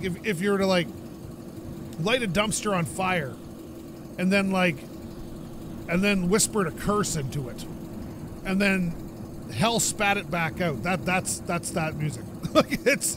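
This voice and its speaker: Gaming host, male, from Canada, high voice, stuffy nose, rambling and chatty over game noise. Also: animated, normal speed, pauses often. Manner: rambling, chatty, laughs often. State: stuffed-up, coughing from dust. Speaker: gaming YouTuber. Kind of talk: casual let's-play commentary.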